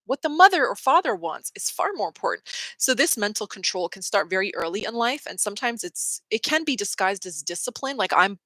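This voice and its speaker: A young adult woman hosting a casual spiritual talk, opinionated and quick to quote people in mocking voices. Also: mid-range voice, very animated, bright, forceful tone, dry recording, rough recording. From Canada. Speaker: host.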